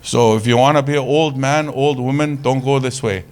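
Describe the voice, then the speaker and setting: A man presenting at a conference, talking casually, with jokes and lively storytelling. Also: medium pitch, normal speed, smooth. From Canada. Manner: casual, joking, animated storytelling. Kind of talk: conference talk.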